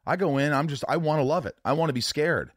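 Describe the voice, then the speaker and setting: A man's voice: on the high side, fast talker, no echo, clean studio sound. A man hosting a casual conversation, emphatic and swearing freely as he talks.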